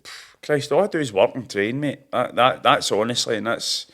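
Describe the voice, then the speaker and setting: A man's voice: medium pitch, normal speed, a bit bright. A Scottish man in his thirties, a professional boxer, chatting casually in an interview and telling stories with broad slang and laughs at himself. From Scotland. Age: 30s.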